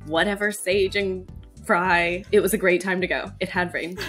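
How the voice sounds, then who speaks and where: A woman's voice: lowish voice, fairly even intonation, moderate pace, a bit bright, faint music behind. A woman on a casual panel chat, telling stories in a chatty way with lots of filler words. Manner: chatty storyteller, many filler likes. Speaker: panel member.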